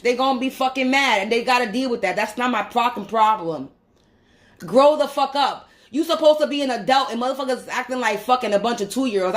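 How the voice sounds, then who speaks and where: A woman vlogger, ranting angrily and profanely, repeating her points. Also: sits high. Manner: heated, profane, repeats herself. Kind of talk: angry rant to camera.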